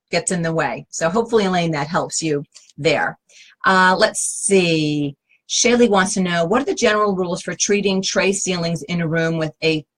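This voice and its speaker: A woman with a somewhat low-pitched voice talks through design questions from viewers. She is chatty and direct, often asking rhetorical questions as she advises. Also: a bit bright. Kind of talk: casual advice Q&A.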